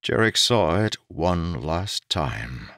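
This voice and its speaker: Male audiobook narrator, deep voice, lively pitch, slow, very dry close sound. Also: no room sound. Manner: expressive, pitch rising and falling with the drama.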